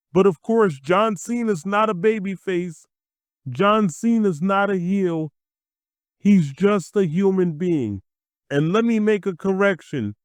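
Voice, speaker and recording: A man's voice: sits high, no room sound. A man ranting to camera as a wrestling commentator, blunt and exasperated, swearing freely. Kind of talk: profane rant to camera.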